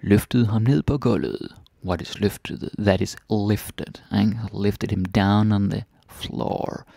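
A man's voice: on the low side, slow pace, vocal fry, mellow, dry recording, clean studio sound. A man teaching a language by reading a fairytale aloud and translating it word by word, often adding little questioning tags.

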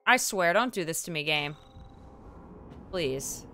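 A woman's voice: low-pitched, expressive, slow pace, bright, forceful tone. A woman doing gameplay commentary, swearing often and talking back to the game as she plays. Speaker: let's play gamer. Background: faint game music.

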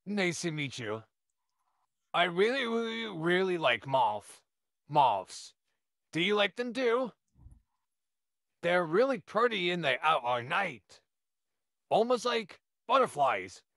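A man's voice: sits high, sing-song, slow, long pauses, bright, forceful tone, no echo, clean studio sound, full character voice. A man voicing an overexcited, friendly young neighbor who gushes and stammers, in a listener role-play. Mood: excited. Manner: eager, gushing, stammering.

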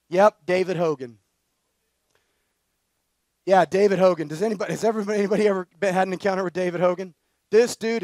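A man with a high-pitched voice preaches at a conference, telling a story in a loose, slangy and energetic way. His voice is recorded dry and close, with no echo around it. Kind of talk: storytelling sermon.

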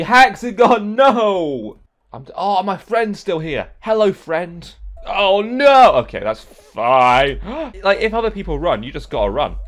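A young man commentating a game he is playing, excitable, yelping and swearing at other players, then muttering to himself. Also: medium pitch. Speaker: gaming YouTuber. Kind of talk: let's play commentary.

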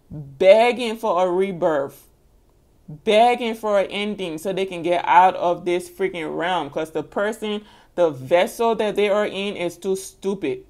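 Blunt, emphatic woman reading tarot. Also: medium pitch. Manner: emphatic and blunt, repeats her points; sassy, scolding asides. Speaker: tarot reader. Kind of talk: casual spoken tarot reading.

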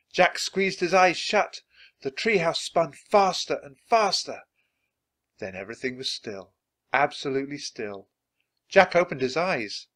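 Lively expressive man reading a storybook. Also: on the high side. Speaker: storybook reader. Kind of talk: children's book read-aloud.

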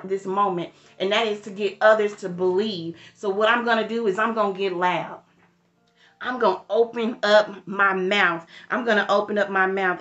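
A woman's voice: mid-range voice, fairly bright tone, roomy sound, muffled recording. A woman leading a livestreamed morning devotional, preaching with rising emphasis and greeting viewers in the chat by name. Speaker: church devotional leader.

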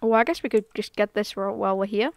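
A woman streaming a game live, talking casually to viewers, excitable and giggly, full of slang. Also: mid-range voice, quick pace, dry recording. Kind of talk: casual live gameplay commentary.

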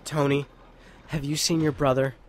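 A man's voice: fairly high pitch, little pitch movement, normal speed, lightly acted. A man voicing a worried middle-aged parent lecturing a grown son.

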